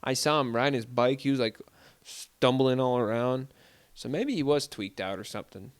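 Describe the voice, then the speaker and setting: A man's voice: medium pitch, normal speed, clear, resonant tone, dry recording. A man from South Dakota telling rambling everyday stories at home as a solo podcast host, full of fillers like "like" and "dude". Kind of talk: casual storytelling monologue. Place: room at home.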